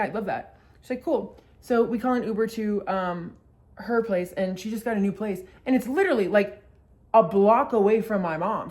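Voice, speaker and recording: A woman's voice: medium pitch, darkish tone. A young woman vlogger telling a story casually, swearing a lot and acting out the quotes.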